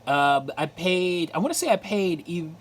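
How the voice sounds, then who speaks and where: A man's voice: sits high, lively intonation, normal speed. A man showing off his comic book haul in a casual, chatty way, repeating phrases and filling gaps with "uh" and "like.". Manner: chatty, repeats himself, lots of fillers. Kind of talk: casual video commentary.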